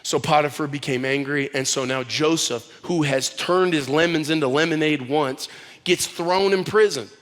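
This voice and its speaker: A man preaching a sermon as pastor, telling stories in an animated, conversational way with casual slang. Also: fairly high pitch, moderate pace. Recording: long hall reverb.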